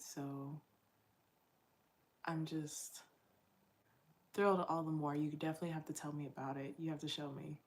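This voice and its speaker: Low-voiced chatty woman creator. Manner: chatty, encouraging, laughs often, trails off. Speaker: content creator. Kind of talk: casual late-night livestream chat.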